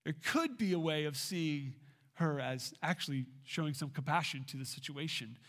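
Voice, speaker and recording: A man delivering a sermon as a pastor, preaching emphatically with swings in pitch and loudness. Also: moderate pace.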